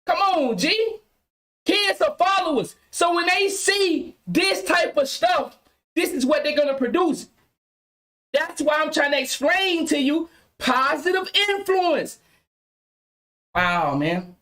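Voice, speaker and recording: A woman's voice: high voice, lively intonation, takes it slowly, fairly bright tone. A woman hosting a podcast livestream, talking emphatically and repeating her points to her viewers. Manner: emphatic, preachy, repeats phrases. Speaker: podcast host. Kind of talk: casual livestream commentary.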